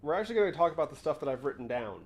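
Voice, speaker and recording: Animated, rambling young male livestream host. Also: on the high side, racing. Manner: rambling and animated, interrupts himself. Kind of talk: casual livestream chat.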